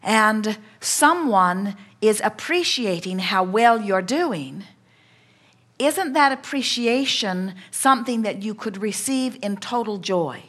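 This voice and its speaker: A woman speaking as a collective "we" at a spiritual seminar, coaching a participant in a measured, reassuring way. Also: medium pitch, expressive, fairly bright tone.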